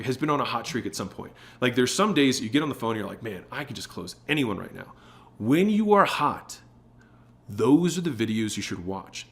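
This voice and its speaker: A man's voice: medium pitch, fairly bright tone. Guy in his 30s doing a motivational sales talk, punchy emphasis, regular mid voice. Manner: emphatic, varies tone and pauses to make points. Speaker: business speaker.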